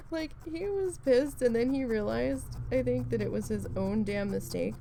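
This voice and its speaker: Gravelly woman telling a workplace story. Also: medium pitch, slight background noise, low-quality recording. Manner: animated, swears freely, laughs at herself. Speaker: craft vlogger. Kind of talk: casual storytelling while needle felting.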